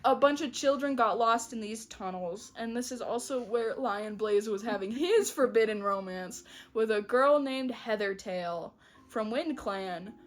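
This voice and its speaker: Young woman co-host, high, giggly, slangy chat. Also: measured pace. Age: young adult. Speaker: podcast co-host. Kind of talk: casual chat.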